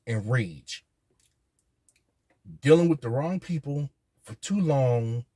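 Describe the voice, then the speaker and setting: A man, speaking earnestly in a halting personal monologue, often repeating his words. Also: medium pitch, darkish tone, slightly rough, dry recording. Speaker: vlogger.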